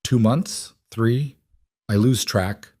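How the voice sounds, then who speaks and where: A man voicing a weary, frightened woman with an Eastern European accent who talks in flat, clipped, broken phrases. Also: mid-range voice, takes it slowly, no echo, studio quality. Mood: flat, desperate.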